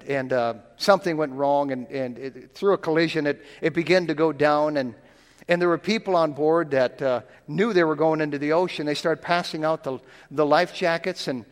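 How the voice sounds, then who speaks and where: A man preaches in an easygoing, folksy manner, often repeating his words and slowing down for scripture. His voice sits a little high for a man. It rings with the long echo of a big church. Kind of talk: sermon.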